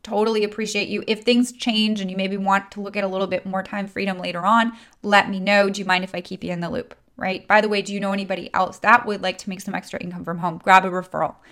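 A woman's voice: mid-range voice, little pitch movement, fast, hardly any pauses, a bit bright. Chatty woman coaching sales objections. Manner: conversational, frequent fillers and tag questions like "right?". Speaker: network marketing trainer.

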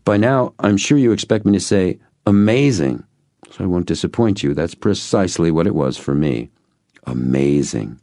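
A man's voice: low voice, brisk, hardly any pauses, dark tone, no room sound, studio quality. A man narrating a first-person audiobook in an earnest, reflective way.

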